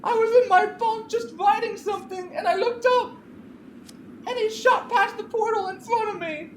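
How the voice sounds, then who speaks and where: A distraught young woman shrieks accusations through sobs, put on by a woman. The voice is pitched high and strained with crying. It sits in a roomy space with faint background noise. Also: normal speed. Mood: accusing. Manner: screaming through tears.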